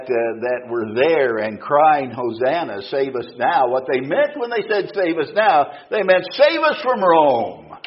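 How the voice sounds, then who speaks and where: Slow, deliberate preacher man, lo-fi. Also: medium pitch. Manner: slow, deliberate, emphatic scripture reading. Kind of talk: expository sermon.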